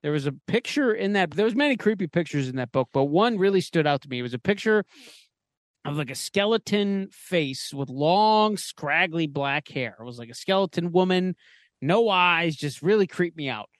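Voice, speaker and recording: A man on a podcast rambles through a crude, silly horror story and keeps laughing at his own jokes. His voice sits a bit high and swings widely up and down. The sound is dry and close, with no room echo. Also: expressive, moderate pace. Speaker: podcast host. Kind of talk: comedic spooky storytelling.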